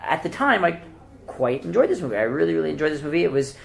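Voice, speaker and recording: A man co-hosting a casual film podcast, rambling and hesitant as he searches for words. His voice has a gravelly edge and swings freely up and down in pitch. He laughs easily at his own jokes. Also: big pitch swings, quick pace. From North America. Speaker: podcast co-host.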